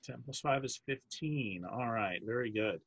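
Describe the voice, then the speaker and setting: A man narrating as game master of a tabletop role-playing game, halting and restarting, with many fillers. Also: medium pitch, a bit bright, breathy edge, low-quality recording. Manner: halting, full of fillers and restarts, laughs often.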